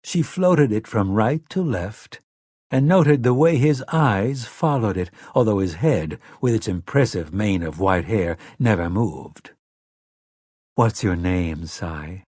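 Husky male audiobook narrator. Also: on the low side, dry recording, clean studio sound. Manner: measured, expressive storytelling. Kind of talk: scripted narration.

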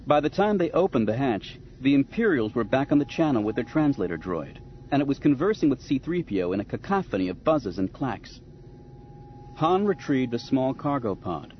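A man narrating an audiobook in a measured, expressive storytelling manner. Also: mid-range voice, highs cut off, slight background noise. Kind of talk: scripted narration.

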